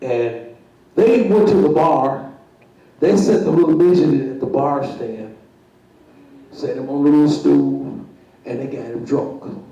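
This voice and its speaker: Gravelly, slow man telling a funny story. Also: medium pitch, mellow, lo-fi sound. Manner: chuckling, repeating himself, acting out voices. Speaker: guest storyteller. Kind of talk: comic storytelling on stage. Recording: very echoey room, voice far from mic.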